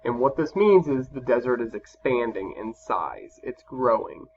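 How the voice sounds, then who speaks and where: In a recorded lesson over slides, a male teacher speaks casually, full of fillers and restarts, in an unhurried, sing-song way. His voice is medium-pitched and darkish, and the lo-fi audio sounds slightly dull with a faint hum behind it.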